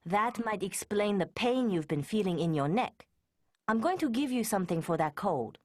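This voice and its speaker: An actress playing a calm adult female doctor in a recorded textbook dialogue, with a reassuring scripted delivery. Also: mid-range voice, moderate pace, lightly acted.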